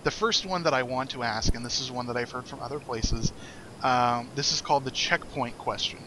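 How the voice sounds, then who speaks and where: Bright-voiced young man, chatty. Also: medium pitch, a little fast, a little hiss or hum, rough recording. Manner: rambling, laughs often, many fillers. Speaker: podcast co-host. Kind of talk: casual chat.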